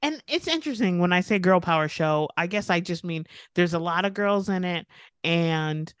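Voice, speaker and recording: A woman's voice: fairly low pitch, animated, moderate pace, smooth, no room sound, studio quality. An American woman co-hosting a casual podcast about TV shows, chatty, with frequent laughs, fillers and restarts. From United States. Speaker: podcast co-host.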